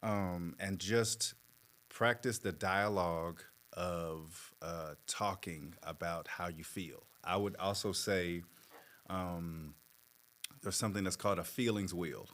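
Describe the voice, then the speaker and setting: A man working as a therapist, explaining in a measured, patient way with plenty of fillers. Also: low-pitched, steady tone, fairly bright tone. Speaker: therapist guest. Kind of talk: conversational explanation.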